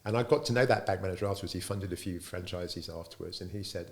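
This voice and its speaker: A middle-aged man recounts his company's early days as an interview guest. His voice is a bit low and gravelly with some fry. He tells the story lively and slips into the voices of the people he quotes. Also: quick pace, hardly any pauses, slight background noise. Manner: lively storyteller who acts out quoted dialogue. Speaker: business founder being interviewed.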